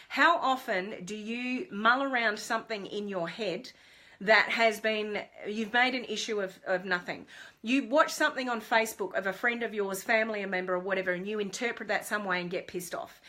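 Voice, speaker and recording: A middle-aged woman giving a casual live video talk as a business mentor, telling a story in a chatty, animated way with lots of fillers. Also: mid-range voice.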